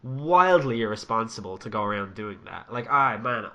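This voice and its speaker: A man's voice: on the low side, normal speed. A young man ranting and swearing his way through casual podcast chat. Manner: swears a lot, ranting and animated. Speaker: podcast co-host.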